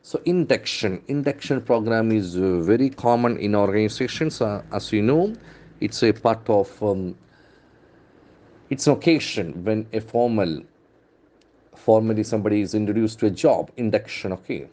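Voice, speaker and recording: Indian english guy doing a pronunciation lesson, mellow low-ish voice, says words over and over. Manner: drills words aloud, repeating them slowly; spells words letter by letter. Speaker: English trainer. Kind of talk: newspaper-based pronunciation lesson.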